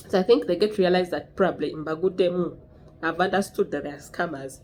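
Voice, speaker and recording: A woman's voice: on the low side, fairly quick, a little hiss or hum. A young woman vlogger, telling a story casually to camera and acting out the dialogue. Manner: animated, acts out dialogue with shifting voices.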